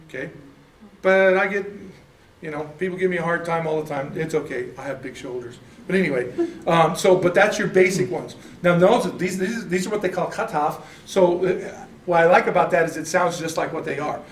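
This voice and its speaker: A man's voice: a little high, moderate pace, a little hiss or hum. A man teaching a casual church class, chatty and self-deprecating, often laughing at himself. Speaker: Bible study teacher. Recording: echoey room, mic at a distance.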